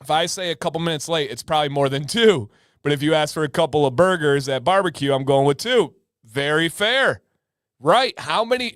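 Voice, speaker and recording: A man's voice: fairly high pitch, expressive, normal speed, fairly bright tone, dry recording, clean studio sound. Laid-back male livestream host. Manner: laid-back, joking, repeats phrases as he reacts. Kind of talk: casual livestream chat reading comments.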